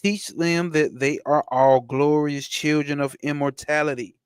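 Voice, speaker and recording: A man teaching spirituality. He reads a text aloud slowly and breaks off into blunt, slangy asides with profanity for a live chat. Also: on the high side, fairly even intonation, smooth, no room sound, clean studio sound. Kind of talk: reading a text aloud and commenting on it.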